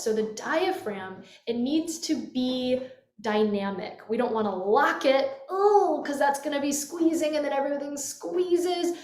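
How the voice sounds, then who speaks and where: A woman's voice: a little high, darkish tone. A woman voice teacher leading a guided vocal lesson, showing the sounds as she explains them with yawns and sighs. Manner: demonstrative, swoops into yawns and sighs. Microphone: webcam. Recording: echoey room.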